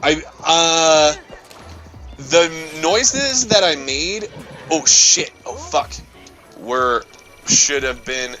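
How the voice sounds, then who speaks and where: Speaking extremely slowly in a slightly high voice, a gaming channel host tells an angry story while playing a video game, animated, profane, and full of restarts. Soft music plays behind him on a rough recording.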